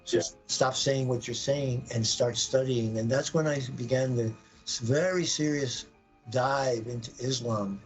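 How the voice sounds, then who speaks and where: A man telling an intense personal story on a live podcast, acting out his own words and the words of others with sudden jumps in pitch. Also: measured pace, soft background music, low-quality recording. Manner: animated, acts out quoted voices with sudden pitch jumps.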